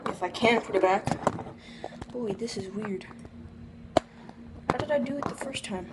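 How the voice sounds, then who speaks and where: A young woman vlogging at home, chatting excitedly to viewers as she plays. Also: medium pitch, normal speed, pauses often. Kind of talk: casual vlog chat while playing. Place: bedroom at home. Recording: loud background noise.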